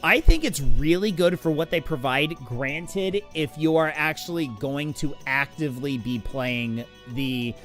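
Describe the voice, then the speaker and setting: A man's voice: a little high, measured pace, few pauses, a bit bright, faint music behind. A man hosting a game stream, chatting casually and getting distracted by his game, with lots of fillers. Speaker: streamer host. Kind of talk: casual chat while gaming.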